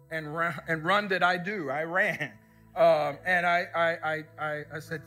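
A man's voice: on the high side, fairly even intonation, normal speed, bright, forceful tone, faint music behind. A man preaching a sermon as pastor before a congregation, telling stories and calling out questions for the people to answer. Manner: storytelling, call-and-response questions to the congregation. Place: church service before a congregation.

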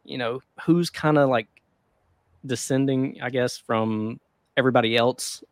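A man hosts a casual trading podcast in an easygoing, rambling manner, full of "you know" and little restarts. His voice sits at an ordinary middle pitch. The recording is dry and close, with no room sound. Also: fairly even intonation, a little slow, no room sound. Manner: laid-back, rambling with frequent fillers and laughs. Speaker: host.

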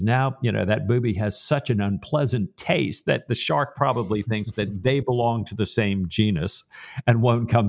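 A man with a somewhat low voice retells a novel chapter on a podcast. He is relaxed and chatty and keeps the tone light. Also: vocal fry. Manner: relaxed and chatty, with "you know" fillers and light laughs. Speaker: podcast co-host.

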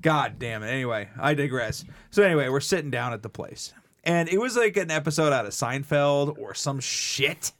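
Speaking at a medium pitch and moderate pace, a male podcast co-host tells lively stories during casual conversation, cursing freely as he goes.

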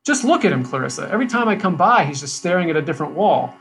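A man reading the lines of a helpful teenage boy who reasons gently with his friend. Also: a little high, very animated, fast talker, gravelly, slight background noise, exaggerated voice. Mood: coaxing.

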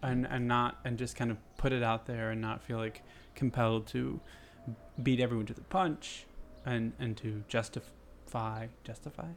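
Very deep-voiced woman co-host. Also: steady tone, moderate pace, slight background noise. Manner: agreeable, backchannels a lot. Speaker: podcast co-host. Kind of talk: casual chat.

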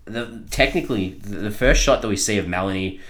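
A man's voice: on the low side, fairly quick, fairly bright tone. A man co-hosting a podcast, reviewing a film in casual chat, rambling with lots of ums and frequent laughter. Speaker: podcast co-host reviewing films.

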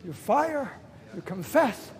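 A man preaching a sermon, emphatic and repeating phrases for stress, with sudden loud bursts. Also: extremely high pitch, sing-song, slow.

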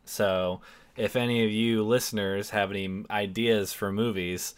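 A man's voice: on the low side, steady tone, unhurried, clean tone. A man co-hosting a podcast, reading the outro announcements in a friendly way. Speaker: podcast co-host.

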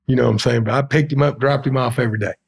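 Gravelly man telling stories. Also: mid-range voice, very fast. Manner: colloquial, animated storyteller acting out quotes. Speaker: podcast guest, stonemason. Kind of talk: casual storytelling in an interview.

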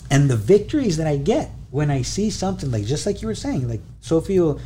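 A man in his thirties casually telling a family story, animated and acting out bits of dialogue. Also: on the high side, fairly quick, a little hiss or hum. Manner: animated, acts out dialogue, laughs while telling.

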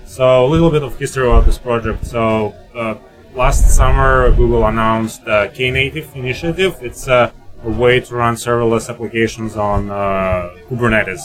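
A man's voice: mid-range voice, steady tone, normal speed, soft background music. A man, a podcast guest at a conference, explaining technical news in a hesitant way with many fillers. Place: conference venue.

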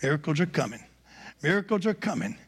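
A man's voice: a little high, very animated, fast talker, breathy edge. A man preaching, voicing Faith as a confident, triumphant male figure who proclaims and repeats himself. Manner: proclaiming, repeating phrases, building to a loud climax. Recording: reverberant hall.

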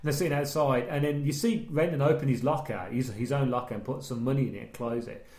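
A man, casually discussing a film and retelling its scenes in an animated way. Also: mid-range voice, fast. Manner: animated storytelling, quoting lines from a film. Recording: echoey room.

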